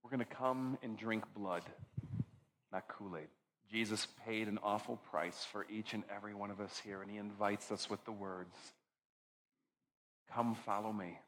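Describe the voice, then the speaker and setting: A man's voice: fairly even intonation, low-quality recording. Earnest male pastor preaching. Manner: earnest, slowing for emphasis, drops low and soft at key lines. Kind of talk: sermon leading into communion.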